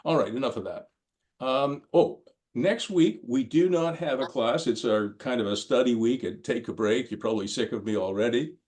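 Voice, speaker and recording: A man's voice: mid-range voice, moderate pace, a little mellow. Older man giving a rambling lecture. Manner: rambling storyteller, frequent ums and restarts. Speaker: course lecturer. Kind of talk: conversational lecture with anecdotes.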